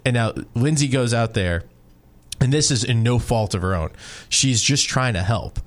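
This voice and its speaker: A man hosting a live sports radio show, talking in a loose, chatty way. He tells stories and laughs easily. His pitch sits in the middle range. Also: normal speed. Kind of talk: casual radio talk, storytelling.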